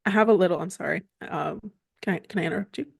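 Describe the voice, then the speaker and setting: A woman's voice: lowish voice, quick pace, vocal fry, husky, no echo, studio quality. A woman co-hosting a family podcast, chatting casually with many fillers and easy laughter. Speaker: podcast co-host. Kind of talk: casual chat.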